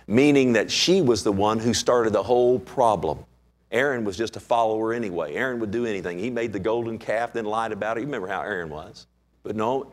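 A man preaching a sermon, explaining scripture and acting out its characters. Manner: animated, acts out scripture characters; pitch swings widely for emphasis.

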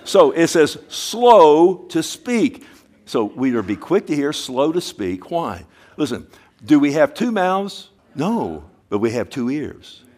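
A middle-aged man preaches a sermon in an ordinary mid-range voice. He talks with his congregation in a conversational way and keeps asking them questions. He slows down to lean on phrases from scripture. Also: medium pitch, big pitch swings, darkish tone. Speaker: pastor.

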